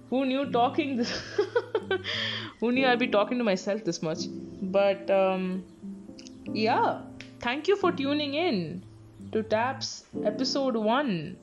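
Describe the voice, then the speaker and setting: This young podcast host from Bangalore, who has an Indian English accent, swears and laughs frequently as she tells stories in a chatty solo episode. She speaks slowly with many pauses, in a rather high voice with lively intonation. The lo-fi recording has music underneath.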